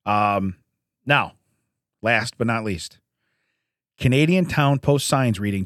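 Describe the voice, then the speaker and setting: A man's voice: medium pitch, animated, slow pace, long pauses, fairly bright tone, no room sound, studio quality. A man co-hosting a casual comedy podcast, joking and laughing often while he riffs. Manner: jokey, laughs often, does silly voices. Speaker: podcast co-host.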